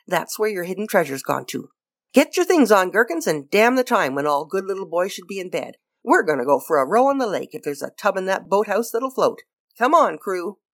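A woman doing a jaunty upper-class gentleman sleuth. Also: medium pitch. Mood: excited. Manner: breezy, clipped, cheerfully teasing.

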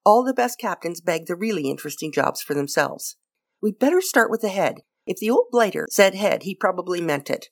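A woman voicing a breezy, playful upper-class English gentleman detective with a clipped, teasing delivery. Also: on the low side, animated, brisk, creaky.

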